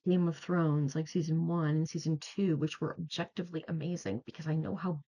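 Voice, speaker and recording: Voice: medium pitch, fairly even intonation, a little fast, mellow. A young adult video creator telling a story in a casual, chatty way, rambling and full of "like". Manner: rambling, chatty, heavy use of "like". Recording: slightly muffled lo-fi audio.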